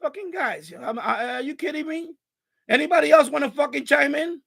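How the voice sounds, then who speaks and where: A man's voice: extremely high pitch, expressive, brisk, vocal fry, a bit bright. A man hosting a live stream, ranting angrily and profanely at a viewer in the chat. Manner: angry, profane, repetitive rant.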